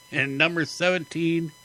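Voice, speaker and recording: A man's voice: a little high, sharp tone, rough recording. A man hosting a talk radio show, chatting casually and laughing often between jokey asides. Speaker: radio host.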